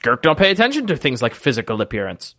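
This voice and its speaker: A man's voice: mid-range voice, wildly swooping pitch, quick pace, pushed and bright, no room sound, clean studio sound, exaggerated voice. A man voicing a small, dim-witted little creature that talks in short, broken sentences, in a tabletop game. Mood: blunt. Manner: clipped broken grammar, terse.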